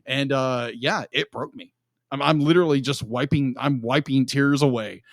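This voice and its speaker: A man's voice: medium pitch, moderate pace, no room sound. A young man co-hosting a podcast, gushing emotionally about a film in casual chat and repeating himself often. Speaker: podcast co-host.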